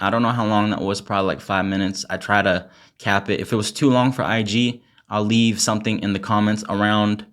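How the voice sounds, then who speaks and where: A young man with a somewhat low voice spits an a cappella freestyle. His delivery is intense and angry, heavy with swearing, and he later chats casually to his followers. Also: fairly bright tone. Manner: intense and angry in the verse, chatty and laughing in the outro; swears heavily. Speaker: rapper and poet.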